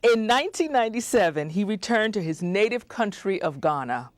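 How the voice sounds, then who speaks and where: A woman hosting a community TV show, reading a scripted introduction with excited asides off script. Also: medium pitch, a little fast, dry recording. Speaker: host.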